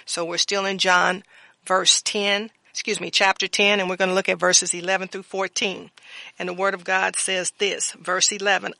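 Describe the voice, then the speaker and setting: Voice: mid-range voice, little pitch movement, unhurried, gravelly, bright, forceful tone, no room sound. A Bible teacher reading scripture passages aloud and breaking in with fervent amens and praise.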